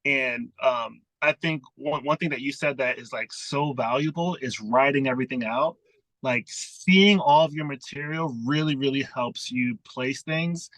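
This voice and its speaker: Bright, chatty male comedian. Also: mid-range voice, unhurried, dry recording, rough recording. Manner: chatty, animated, acts out his own thoughts. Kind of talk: casual chat about comedy writing.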